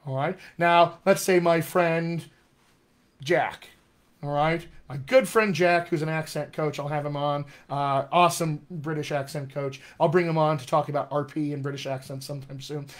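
A man working as a dialect coach, teaching a live session from a home room in a chatty, animated way and talking straight to his viewers. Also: on the high side.

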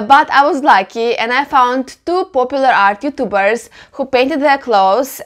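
A young woman hosting her own channel, explaining painting techniques in a reaction video in an earnest, instructive way. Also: a little high. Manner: explanatory, earnest, with occasional laughs. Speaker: clothing customizer and channel host.

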